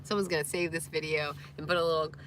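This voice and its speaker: A woman's voice: deep voice, little pitch movement, quick pace, noisy background. A woman in her thirties vlogging in a rambling, candid way, cooing baby talk at her dogs between stories. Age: 30s. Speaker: van-life vlogger. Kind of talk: casual vlog chat.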